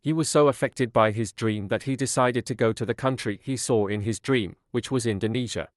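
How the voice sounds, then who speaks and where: Calm male storybook narrator. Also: mid-range voice, a little fast, dry recording, clean studio sound.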